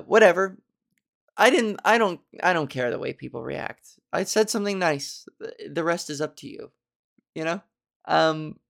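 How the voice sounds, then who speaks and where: Gravelly, low-voiced woman telling stories. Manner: animated and chatty, with wry self-mocking asides. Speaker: comedian and podcast host. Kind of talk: casual comic storytelling.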